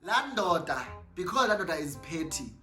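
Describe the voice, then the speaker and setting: A young South African woman telling a storytime vlog, animated and exclamatory, switching freely between languages. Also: on the low side, moderate pace, over loud music. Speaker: YouTuber.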